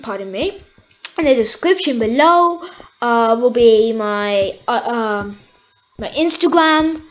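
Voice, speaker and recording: A woman giving casual, excitable commentary while playing a shooter game, pleading with the game and cheering her kills. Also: on the high side, takes it slowly, highs cut off. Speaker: gaming YouTuber.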